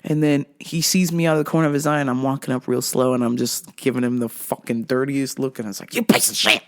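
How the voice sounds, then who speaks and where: A woman's voice: rumbling low, fast talker. A woman hosting a comedy show, telling a story with lots of profanity and acting out the dialogue. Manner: profane, animated, acts out dialogue. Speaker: host.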